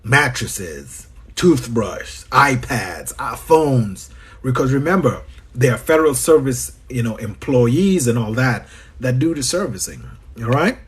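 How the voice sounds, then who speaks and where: With a husky, medium-pitched voice that moves a little slowly but with lively intonation, a business coach from Trinidad and Tobago takes livestream questions. He has a Trinidadian accent, chats freely, greets people by name and repeats himself.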